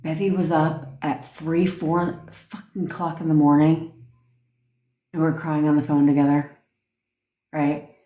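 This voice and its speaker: A young woman rants bluntly on a phone livestream, swearing freely and pressing each point hard. Her voice sits low. The sound bounces around an echoey room. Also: flat delivery, measured pace, long pauses, dark tone. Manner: blunt, profane, emphatic. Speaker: manifestation coach. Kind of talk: livestream rant.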